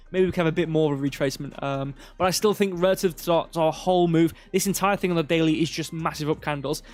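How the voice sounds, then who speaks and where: Male stream host, a bit high-pitched, loose and chatty, thinks aloud over charts. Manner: rambling, filler-heavy, thinking aloud. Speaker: crypto livestream host. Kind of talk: casual live chart commentary.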